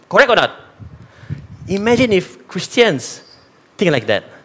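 A man from Sarawak in East Malaysia, speaking with a Malaysian accent, preaches a sermon directly to his congregation. His high-pitched voice moves at a measured pace. He's animated and mixes in Malay phrases.

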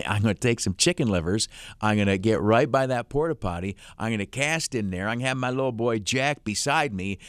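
Brief: fifties male talk-radio host, folksy and rambling, low-ish voice, dry studio sound. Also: lively intonation, brisk, smooth, no echo. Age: 50s. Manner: folksy, rambling, many "uh" fillers, chuckles. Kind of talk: casual storytelling on talk radio. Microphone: studio microphone, dry.

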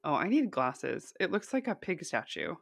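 A woman's voice: lowish voice, big pitch swings, normal speed, gravelly, dry recording, clean studio sound. A young woman co-hosting a casual chat over a video call, wry and laughing, with frequent swearing.

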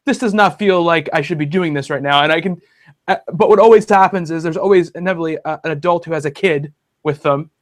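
A man's voice: on the high side, fast. A man hosting a casual podcast chat about comic books, talking in a rambling way with many fillers and restarts. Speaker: podcast host.

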